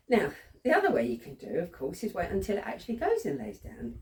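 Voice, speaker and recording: A woman's voice: medium pitch, huge pitch swings, normal speed. A woman dog trainer, casually demonstrating training steps, chatty, laughing often and saying "okay" a lot. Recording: roomy sound from a distant camera mic.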